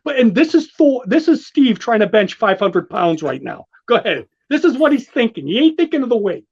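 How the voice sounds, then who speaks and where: Man, high voice, excitable and gushing, rambling casual talk, dull lo-fi recording. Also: a little fast, creaky, husky. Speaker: show host walking through a comic. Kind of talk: enthusiastic casual commentary. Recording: dull lo-fi sound.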